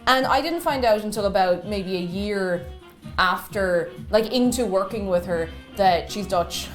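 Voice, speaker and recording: A woman's voice: mid-range voice, a little slow, faint music behind. An Irish woman chatting casually on a cooking stream, rambling with lots of fillers. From Ireland.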